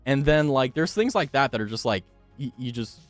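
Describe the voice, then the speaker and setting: A man's voice: medium pitch, animated, fairly quick, no room sound, soft background music. A male streamer chatting casually with viewers, swearing freely and laughing often.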